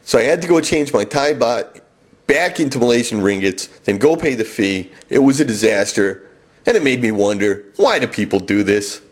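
A man telling a comic personal travel story with wry, deadpan self-mockery. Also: medium pitch, moderate pace, breathy edge.

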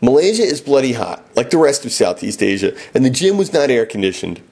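A man's voice: mid-range voice, sing-song, a little fast, gravelly, a little mellow, husky. A middle-aged man telling a first-person story in a wry, self-mocking and dramatic way.

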